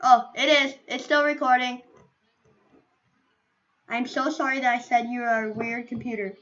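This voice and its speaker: A woman's voice: fairly high pitch, level tone, moderate pace, a bit bright, highs cut off, slight background noise. A woman streaming a game, chatting casually to viewers in a playful, rambling way with silly asides, on a computer microphone. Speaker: gaming streamer.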